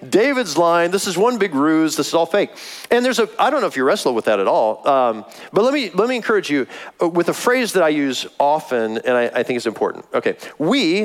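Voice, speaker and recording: A man's voice: medium pitch, poor audio. A man preaching a sermon in a casual, conversational way, with touches of humor. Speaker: pastor.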